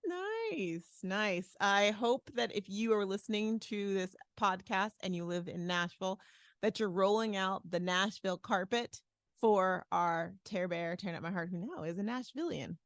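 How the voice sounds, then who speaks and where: A woman co-hosting a podcast in casual chat, playful and lively, jumping between topics. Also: medium pitch, normal speed, no echo, studio quality. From Arizona, USA. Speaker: podcast co-host.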